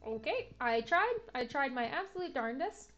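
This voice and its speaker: A woman's voice: high-pitched, sing-song, moderate pace, a bit bright, highs cut off, faint music behind. A young woman streaming a game, chatting casually, full of filler words and jokey asides. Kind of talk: casual let's-play commentary.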